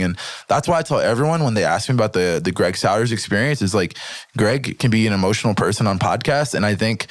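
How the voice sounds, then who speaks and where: Low-voiced man telling lively stories. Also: dry recording, clean studio sound. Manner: animated storytelling with frequent swearing and "right?" check-ins. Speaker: podcast guest, grappler. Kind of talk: casual podcast conversation.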